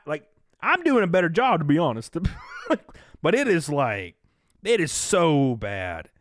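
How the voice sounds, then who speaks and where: Animated Southern man streaming. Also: fairly high pitch, measured pace, no echo, clean studio sound. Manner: animated, profane, reads out chat donations. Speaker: live-stream host. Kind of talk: casual live-stream commentary.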